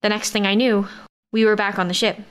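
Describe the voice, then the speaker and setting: A woman's voice: medium pitch, level tone, brisk, clean tone. Woman reading a sci-fi romance audiobook. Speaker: audiobook narrator. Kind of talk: scripted first-person narration.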